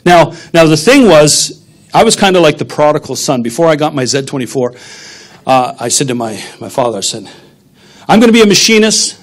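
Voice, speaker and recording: A man's voice: a little high, animated, a little fast. A middle-aged man, a pastor, preaching a sermon in a conversational, humorous storytelling manner.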